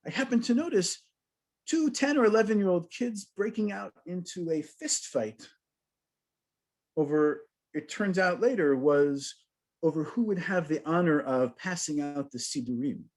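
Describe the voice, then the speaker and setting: American rabbi guy, kinda high voice, joking storyteller sermon vibe. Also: moderate pace. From United States. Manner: lively, humorous storyteller addressing a congregation.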